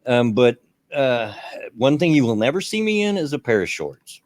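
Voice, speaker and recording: A man's voice: medium pitch, sing-song, moderate pace. A man in casual stream chat, easygoing and folksy, telling small stories and joking about himself.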